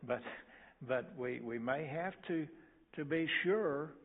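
An older man preaching a sermon as pastor, halting and repeating words, with folksy asides. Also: fairly high pitch. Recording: tinny phone-like sound.

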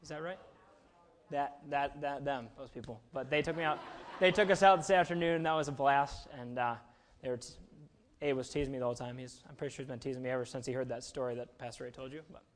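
A man's voice: medium pitch, quick pace. A young man giving a casual, chatty sermon, self-deprecating and full of fillers. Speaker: preacher.

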